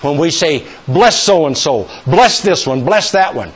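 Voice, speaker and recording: A man preaching a sermon, emphatic and rising to near-shouts, leading call-and-response with his congregation. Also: a little high, lively intonation, measured pace, breathy edge.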